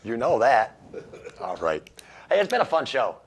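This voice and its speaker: A man's voice: medium pitch, wildly swooping pitch, moderate pace, slightly rough. A man hosting a radio show, reading odd news stories and making wry jokes about them, laughing at his own lines. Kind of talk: casual comedic news commentary.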